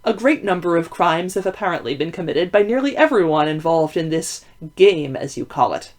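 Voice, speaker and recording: Woman reader doing a calm, probing Victorian gentleman detective, lower and quieter than her own voice, measured and formal, storybook reading. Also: natural voice. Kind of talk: audiobook reading.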